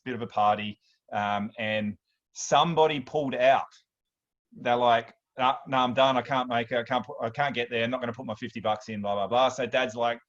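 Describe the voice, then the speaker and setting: Aussie guy in his 30s rambling through a story, lots of restarts, kinda muffled audio. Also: medium pitch. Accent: Australian. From Australia. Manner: chatty, animated storyteller with many restarts. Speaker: workshop host. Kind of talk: casual storytelling talk.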